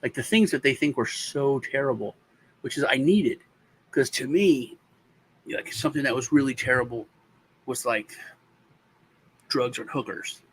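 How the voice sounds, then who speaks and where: A man's voice: mid-range voice, a little hiss or hum, low-quality recording. Rambling American man telling a story. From United States. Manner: rambling, halting storyteller with many restarts and fillers. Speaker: co-host telling a childhood story. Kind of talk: casual chat.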